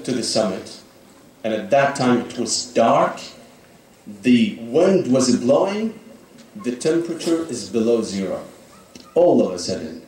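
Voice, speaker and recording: Male preacher, sermon storytelling, lively pitch, strong hall echo. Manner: dramatic, with frequent "you know" fillers. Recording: echoey hall, speaker far from mic.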